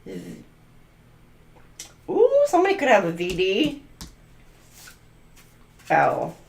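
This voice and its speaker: A woman's voice: medium pitch, huge pitch swings, slow pace, vocal fry, echoey room. A woman doing a channeled tarot reading, musing aloud and free-associating letters, numbers and words. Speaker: tarot reader.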